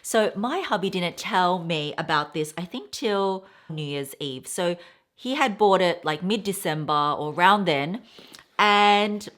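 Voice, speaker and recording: A woman in her thirties talks casually to her viewers, rambling from one thought to the next. Her voice sits slightly low, and she tells stories with plenty of asides. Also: animated, a little slow, fairly bright tone. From Australia. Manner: chatty, rambling, storytelling with quoted voices. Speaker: vlogger. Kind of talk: casual haul chat.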